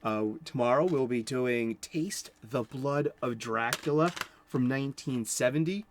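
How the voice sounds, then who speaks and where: A man's voice: mid-range voice, measured pace, a little hiss or hum. A man giving casual commentary on horror movies, rambling and chuckling, with many restarts.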